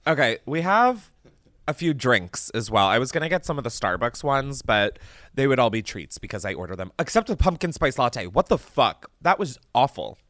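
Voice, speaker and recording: A man hosting a podcast in casual chat, animated and chatty, swearing freely and laughing often. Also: medium pitch, moderate pace, no room sound, clean studio sound. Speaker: podcast host. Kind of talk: casual chat, candy taste test.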